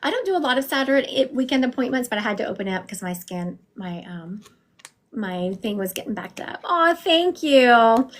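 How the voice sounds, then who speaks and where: Speaking at a medium pitch and a brisk pace, a woman gives psychic readings from home on a livestream. She's chatty and warm-hearted, talking casually and directly to her viewers.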